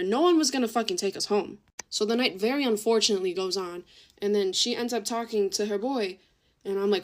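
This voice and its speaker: A young woman casually telling a story, chatty and full of swearing and "like". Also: on the high side. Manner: chatty, swears a lot, says "like" constantly.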